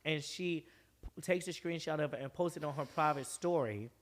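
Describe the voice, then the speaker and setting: A young man from Georgia, a podcast guest, telling a story casually in animated, profane talk and acting out the people he quotes. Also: fairly high pitch, moderate pace, over a noisy crowd.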